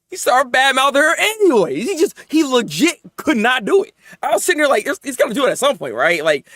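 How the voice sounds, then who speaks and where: A man hosting a casual anime review, talking in an excited, rambling way, often laughing, stammering and acting out characters. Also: very high voice, no room sound, clean studio sound.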